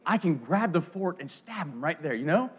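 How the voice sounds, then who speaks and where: A man in his thirties preaches a sermon in a bright, high, slightly rough voice that swings widely up and down, at normal speed. As a pastor, he tells funny stories from his own life in a lively, playful way, peppered with asides to his listeners.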